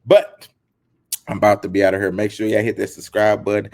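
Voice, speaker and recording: A man's voice: lowish voice, little pitch movement, fairly quick, creaky, darkish tone. A man hosting his channel, retelling a story with teasing jokes, repeating lines and acting out quotes. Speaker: channel host. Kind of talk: animated storytelling commentary.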